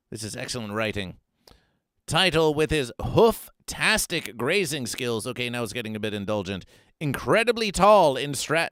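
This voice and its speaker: A man hosting a comic mock-news stream, reading and riffing in a theatrical way that swings from hushed asides to loud outbursts. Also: on the high side, smooth, no echo. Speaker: host.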